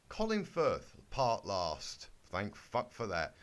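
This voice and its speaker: A man's voice: lowish voice, huge pitch swings, slow pace, few pauses. A man giving a comic reading of a fanfic, breaking off for sarcastic, exasperated asides and swearing. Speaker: fanfic reader.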